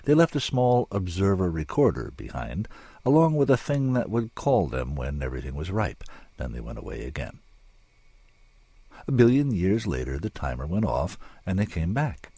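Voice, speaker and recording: A man narrating a story in a measured, dramatic way, with drawn-out pauses. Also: sits low, sing-song, mellow, husky, dry recording.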